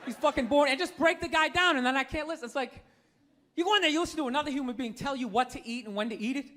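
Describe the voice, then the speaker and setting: Racing along in a very high pitch, a man in his fifties with a Boston accent performs stand-up before a live comedy club audience. His rants are animated and incredulous, full of acted-out voices, and laughter fills the live recording.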